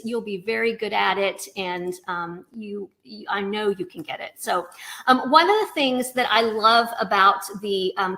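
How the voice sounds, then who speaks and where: A woman music teacher with a somewhat high, slightly bright voice leads a webinar lesson, explaining rhythms and counting the beats aloud over backing music.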